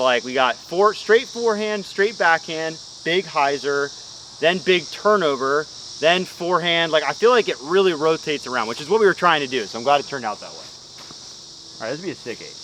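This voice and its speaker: A man's voice: a little high, background noise. A man talking casually as he plays a disc golf course outdoors, chatty, upbeat and self-deprecating, explaining each shot. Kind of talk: casual play-by-play commentary while playing.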